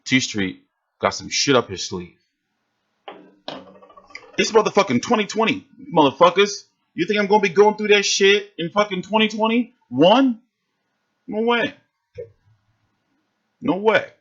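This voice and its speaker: On a livestream reacting to boxing, a man rants in a casual, profane, fired-up way, animated and swearing. His voice is high and unhurried with frequent pauses, and the audio is dull.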